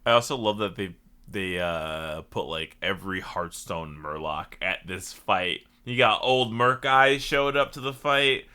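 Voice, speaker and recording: A man's voice: low-pitched, lively intonation, a little slow, sharp tone, clear, resonant tone. A man co-hosting a podcast, joking playfully about a video game and slipping into silly voices. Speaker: podcast co-host. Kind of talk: casual gaming chat.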